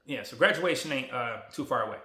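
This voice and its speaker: A man in his forties talking casually to a phone camera, relaxed, emotional and motivational. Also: medium pitch, fast talker, reverberant. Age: 40s. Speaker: vlogger.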